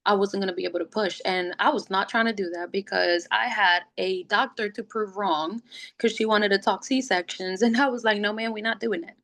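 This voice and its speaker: A woman sits at home telling her story on a podcast. She talks casually and with energy, and her voice sits at a medium pitch. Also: normal speed. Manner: lively, acts out quoted voices. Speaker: podcast guest.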